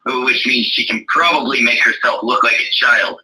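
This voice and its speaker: A man's voice: mid-range voice, fairly even intonation, normal speed, bright, forceful tone, low-quality recording. A man co-hosting a live stream, joking in a crude, profane way. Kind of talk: casual live stream chat.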